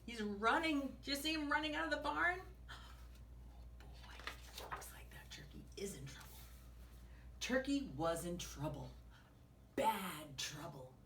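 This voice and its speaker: A woman's voice: sits high, big pitch swings, normal speed, pauses often, bright, forceful tone. A woman teacher reading a picture book aloud to young children, asking them questions and dropping into whispers. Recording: echoey room, distant mic, faint hiss.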